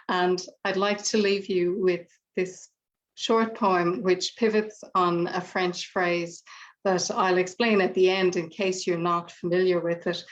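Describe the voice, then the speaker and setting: A woman reading her own poetry aloud with slow, deliberate phrasing. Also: medium pitch, highs cut off. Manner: slow, measured, deliberate delivery. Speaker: poet reading her work.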